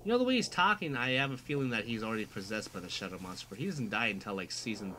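A man's voice: on the low side, expressive, rapid-fire, sharp tone, slight background noise. A man hosting a casual let's play, commenting on the game in an exasperated way and swearing freely.

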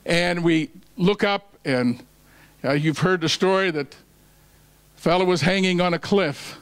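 A man's voice: sits high, takes it slowly, no echo, low-quality recording. A man preaching a sermon at a ministry meeting, telling a folksy story and quoting scripture, with restarts along the way. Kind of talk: sermon with a joke told along the way.

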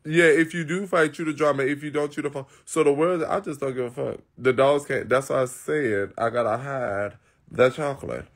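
A man's voice: medium pitch, normal speed. A man hosting a live stream, talking casually to his viewers in a blunt, profane and rambling way.

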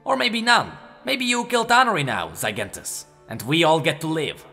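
A shrill, crackling old crone seer, frantic and cryptic, as a man puts her on. The voice leaps high and swings wildly up and down, spitting out riddles in a story narration. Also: lively intonation, moderate pace, gravelly, bright, forceful tone, husky, faint music behind, exaggerated voice.

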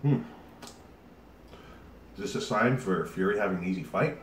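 A man's voice: lowish voice, moderate pace, recorded from a distance. A man hosting his own video channel, chatting casually to the camera with a lot of fillers while he sweats from a hot pepper. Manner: rambling, chatty, with many fillers. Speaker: YouTube host. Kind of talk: casual vlog talk to camera. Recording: roomy echo, off-mic, faint hiss.

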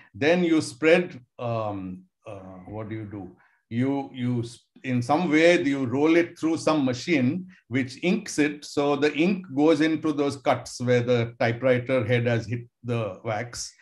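Older man telling school stories. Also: medium pitch. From India. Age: 60s. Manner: conversational, musing, with hedging fillers. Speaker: professor giving a talk. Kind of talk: storytelling lecture to students.

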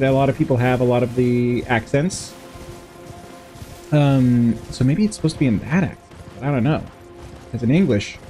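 Playful, animated male game streamer. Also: mid-range voice, a little hiss or hum. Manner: playful, rambling, giggly, talks to game characters. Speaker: gameplay streamer. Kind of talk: casual game commentary.

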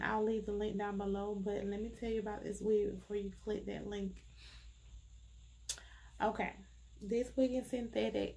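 The wig-review host speaks in a mid-range, darkish voice with vocal fry, her nose audibly blocked up. Her delivery is unhurried and conversational, loaded with fillers.

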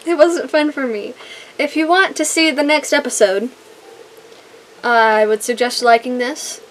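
A woman's voice: high-pitched, measured pace, fairly bright tone, a little hiss or hum. A young woman playing a horror game on her channel, nervous and scared, repeating herself with shaky laughs, saying she feels lightheaded. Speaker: gaming YouTuber. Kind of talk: let's play commentary.

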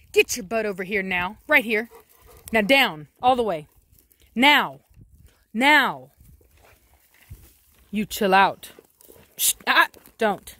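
A woman's voice: medium pitch, sharp tone, no echo. A woman, a dog breeder talking casually to camera while firmly shushing and commanding her dogs. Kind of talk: casual vlog narration.

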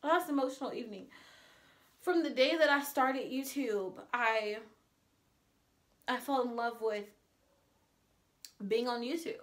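A woman speaks in a slightly high voice, chatting to her viewers in a casual personal vlog. She sounds earnest and open, like she is confiding in them, and at moments she gets emotional. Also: a little slow, pauses often, fairly bright tone. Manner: earnest, confessional, at times emotional. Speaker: vlogger.

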